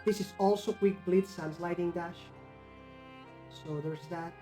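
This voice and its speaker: A woman's voice: lowish voice, fairly even intonation, a little slow, over music. A woman giving casual, wry commentary while playing through a video game. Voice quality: offhand, wry. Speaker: let's play host.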